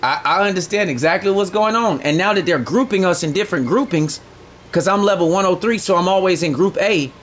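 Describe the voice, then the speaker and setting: A man livestreaming a game, chatting casually in a boastful, profane, slangy way that gets loud when excited. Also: high-pitched, fairly quick, slight background noise. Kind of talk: casual live-stream chat.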